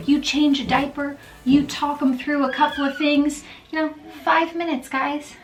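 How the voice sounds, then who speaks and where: A woman's voice: high-pitched, level tone, moderate pace, few pauses, far from the mic, faint music behind. A woman giving casual, encouraging vlog talk, chatty and often checking in with her listeners. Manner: chatty, checks in often with "okay?" and "all right?". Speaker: mom vlogger.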